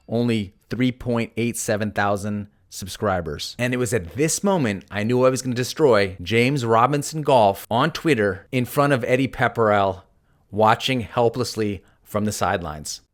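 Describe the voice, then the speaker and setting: A man with a mid-pitched voice narrates a feud with sarcastic, mock-dramatic flair, reading other people's posts aloud as he goes. He sounds like a channel host telling his own story, with soft music faintly underneath.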